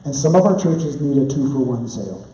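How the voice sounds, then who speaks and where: Man, pastor, conference teaching, mellow dark voice, distant roomy dull sound. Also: mid-range voice, a little fast, a little hiss or hum. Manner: animated storytelling with asides.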